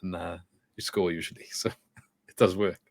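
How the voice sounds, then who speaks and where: Deep-voiced podcast host. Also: male voice, a little fast, vocal fry. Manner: relaxed, chatty, loose sentences with fillers. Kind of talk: casual football podcast chat.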